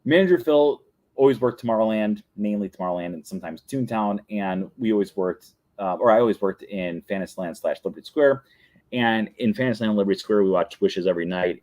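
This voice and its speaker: Lower-pitched man telling rambling stories. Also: a little mellow. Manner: rambling anecdotal storytelling with frequent laughs. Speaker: podcast host. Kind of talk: casual chat.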